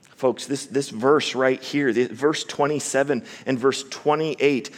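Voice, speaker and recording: A man preaching a sermon with emphasis, slowing down to stress key words and repeating himself as he builds a point. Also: medium pitch, steady tone. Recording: long reverb of a large hall.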